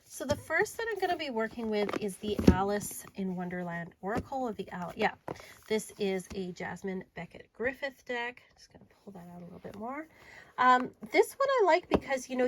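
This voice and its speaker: A woman's voice: fairly high pitch, lively intonation, normal speed, heavy background noise. Chatty woman showing tarot decks. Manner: chatty and enthusiastic, drifting to soft murmurs while handling cards. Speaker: tarot reader and deck reviewer. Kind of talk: casual show-and-tell video.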